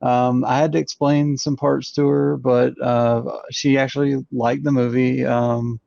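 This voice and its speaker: A man co-hosting a casual review chat, speaking in a measured way with many ums and uhs. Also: mid-range voice, little pitch movement, gravelly, warm tone, no room sound. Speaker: co-host. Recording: dull, dry close recording.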